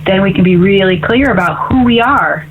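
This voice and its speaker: A woman's voice: medium pitch, animated, normal speed, slight background noise. A woman hosting a call-in spiritual radio show as an intuitive medium, talking in an upbeat, chatty way and often asking "right?". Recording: tinny phone-like radio audio.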